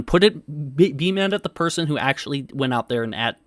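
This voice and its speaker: A man's voice: a little high, lively intonation, a little fast, dry recording. A man hosting a livestream, arguing with his chat in casual, profane, defensive talk and reading comments aloud. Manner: defensive, swears often, reads chat aloud. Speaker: livestream host.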